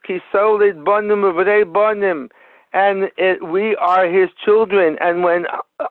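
A man's voice: high voice, no echo. A man teaching a sermon through a parable. He tells the story with frequent repetitions and restarts. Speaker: Torah teacher. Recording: tinny phone-like radio broadcast.

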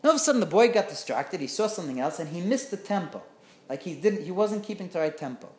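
A woman teaching through a story in an animated way, often checking in with her listeners. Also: on the low side, fast talker. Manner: animated, often asks "right?". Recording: roomy echo.

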